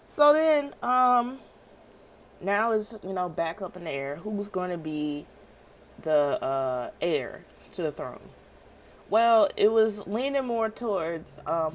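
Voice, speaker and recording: A woman casually recapping a TV episode, animated and slangy, laughing often. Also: lowish voice, a little slow, slight background noise, poor audio. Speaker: TV show recapper.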